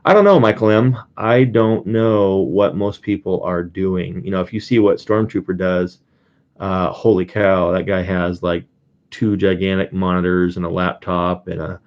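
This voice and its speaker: Guy with a really low voice rambling on a live stream, greets chat, lots of ums, kinda muffled audio. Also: fairly even intonation, normal speed. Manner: rambling, chatty, reads out viewer names; frequent fillers and restarts, chuckles often. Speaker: streamer and coin collector.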